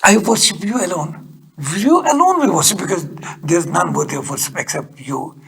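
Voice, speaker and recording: Gravelly older man teaching scripture. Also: sing-song, moderate pace, fairly bright tone. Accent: Kashmiri. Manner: earnest, rises sharply on emphasis, drops low for prayers. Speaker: Quran teacher. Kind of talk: religious lecture.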